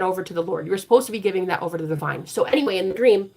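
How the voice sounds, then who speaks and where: A woman hosting a live tarot reading stream, talking bluntly with a lot of profanity and turning preachy and forceful when she drives a point home. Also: on the low side, expressive, rapid-fire. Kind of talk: casual live-stream talk.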